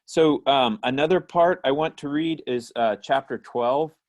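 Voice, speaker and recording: Guy leading a bible study on a video call, reads verses then talks them through, mid-pitch voice. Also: unhurried. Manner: reflective, reads scripture aloud then explains. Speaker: church class teacher.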